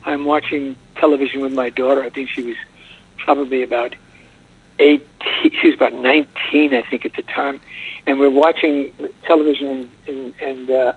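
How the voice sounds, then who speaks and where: Older male guest on a phone call, husky and soft, chatty storyteller, muffled line. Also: medium pitch. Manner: chatty, rambling anecdotes with restarts. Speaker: voice actor guest. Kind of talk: casual interview storytelling. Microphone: telephone.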